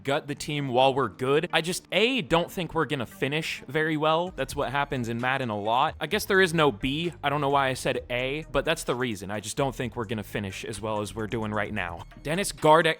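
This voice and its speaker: A young man with a bright, sharp voice talks through a sports video game in a loose, chatty way. His pitch climbs and dips with plenty of bounce, and he thinks aloud, often breaking off to correct himself. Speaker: gaming YouTuber. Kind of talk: casual gameplay commentary.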